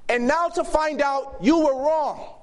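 A man preaching a sermon to a youth gathering, emphatic and shifting between loud and hushed delivery. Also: very high voice, a little slow. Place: youth camp meeting hall.

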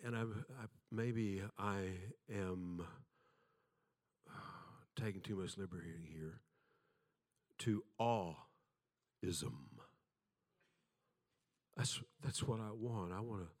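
A man's voice: fairly low pitch, extremely slow, long pauses, darkish tone. An older man preaching a sermon, telling folksy stories with self-deprecating humor and acting out the voices in them.

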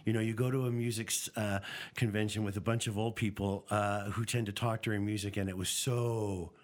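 Middle-aged male radio host, low-pitched, chatty and eager, lots of fillers. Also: steady tone, a little fast. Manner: chatty, enthusiastic, rambling with fillers. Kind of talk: live radio interview. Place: station listener lounge with live audience.

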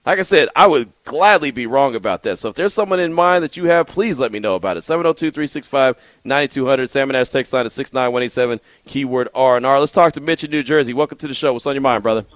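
A man's voice: mid-range voice, fast, few pauses, a bit bright, no room sound. A man hosting a call-in sports radio show, chatty, often laughing and restarting his sentences.

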